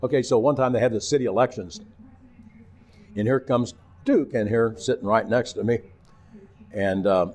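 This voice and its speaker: A man's voice: mid-range voice, moderate pace, long pauses. Older midwestern guy, ex weatherman, chatty storyteller, acts out the quotes. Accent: Midwestern American. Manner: animated anecdotes, acting out quotes. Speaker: interview guest, former TV weatherman. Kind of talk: casual storytelling.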